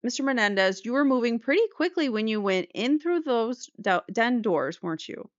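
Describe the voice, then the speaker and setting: Woman playing pushy prosecutor, repetitive pointed questions, smooth voice, dry sound. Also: fairly high pitch, big pitch swings, normal speed, dry recording. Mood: pressing. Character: pointed courtroom prosecutor cross-examining. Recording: slightly muffled dry recording.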